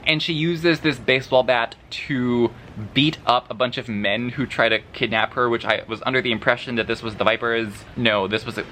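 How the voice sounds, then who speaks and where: A man's voice: mid-range voice, sharp tone, slight background noise. A man vlogging a book review, sarcastic and dramatic, swearing freely and laughing between remarks. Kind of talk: casual vlog review.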